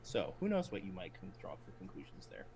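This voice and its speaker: Lively male game master. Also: low-pitched, fast talker, slight background noise. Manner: animated, playful narration. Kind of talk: running a tabletop game.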